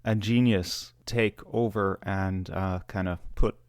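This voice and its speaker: A man's voice: low-pitched, fairly even intonation, slow, dry recording, studio quality. A man giving sarcastic, conversational commentary on a video. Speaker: video reviewer.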